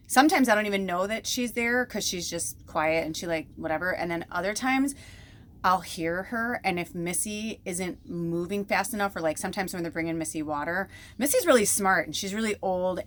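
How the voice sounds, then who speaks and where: A woman in her thirties hosting a casual spiritual talk, rambling and chatty, swearing freely and laughing often. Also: on the low side. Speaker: podcast host.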